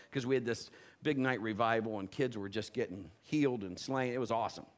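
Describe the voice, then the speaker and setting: A man preaching a sermon, telling lively personal stories and acting out the voices of the people in them. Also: lowish voice, brisk. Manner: animated storytelling, playful quoted voices. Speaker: pastor.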